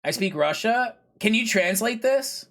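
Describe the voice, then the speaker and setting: High-voiced rambling male streamer. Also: animated, a little slow, fairly bright tone. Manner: rambling, filler-heavy, chatty; pushy, playful plugging. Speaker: game streamer. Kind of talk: casual live-stream chat.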